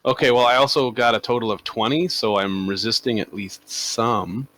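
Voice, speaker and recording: A man's voice: mid-range voice, fairly even intonation, normal speed, fairly bright tone, no room sound, poor audio. A man chatting casually as a player in a tabletop game.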